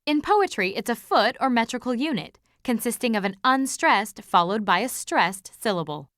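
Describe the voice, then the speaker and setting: A woman's voice: on the high side, lively intonation, normal speed, a bit bright, dry recording. Woman reading quiz clues, dry sound. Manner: clear, precise reading. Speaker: quiz show clue presenter. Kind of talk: scripted clue reading.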